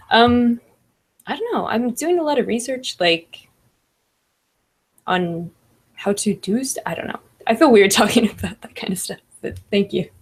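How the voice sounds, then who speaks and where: A woman's voice: fairly high pitch, animated, a little slow, long pauses, slightly rough. A woman hosting a livestream, reading chat comments aloud and chatting casually with lots of laughs. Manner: laughs often, fillers like "like" and "I don't know".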